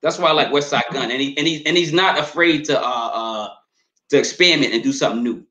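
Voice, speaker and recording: A man co-hosting a podcast, chatting casually and quickly, often repeating words and asking "you know what I'm saying". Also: fairly high pitch, bright, forceful tone. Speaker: podcast co-host reviewing albums. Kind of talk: casual chat. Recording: echoey room.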